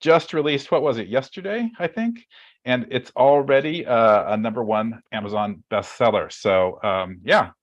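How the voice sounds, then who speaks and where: Over a video call, a man hosts a writing webcast, opening with a casual introduction that's chatty and rambling, full of fillers and restarts. His voice is medium-pitched at normal speed, and the audio sounds dull.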